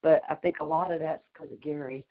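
A low-voiced middle-aged woman with a drawl tells a story at a quick, chatty clip, breaking into laughs between phrases. Her voice comes over a muffled, lo-fi call line. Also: fairly even intonation. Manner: fast-talking, chatty, laughs mid-sentence. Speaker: community call participant. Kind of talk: casual storytelling on a group call. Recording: dull lo-fi call audio.

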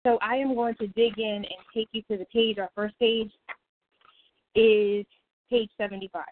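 A woman's voice: a little high, level tone, normal speed, a little hiss or hum. Woman running a prayer call, chatty and laughy, sounds like a phone line. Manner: chatty, laughs often, self-interrupting. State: out of breath. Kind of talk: casual Bible study talk.

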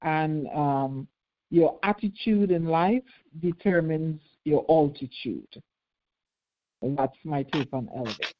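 A woman's voice: deep voice, slow pace. A woman guest on a talk radio show, sharing her take in reflective sayings. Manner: reflective, speaks in maxims. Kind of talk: casual chat. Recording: dull lo-fi radio sound.

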